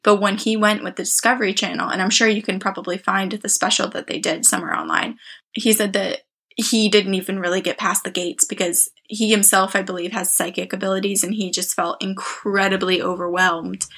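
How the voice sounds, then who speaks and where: Young woman, podcast co-host, gravelly husky voice, bright tone, chatty ghost-story telling. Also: medium pitch, a little fast. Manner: animated storyteller, many "like" fillers. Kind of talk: casual storytelling chat.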